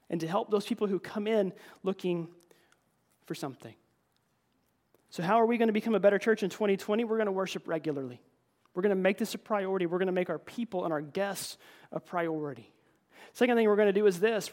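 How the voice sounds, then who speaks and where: High-voiced man preaching a casual sermon. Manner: earnest, repeats words, addresses the congregation as folks. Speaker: pastor. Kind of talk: conversational sermon. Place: church.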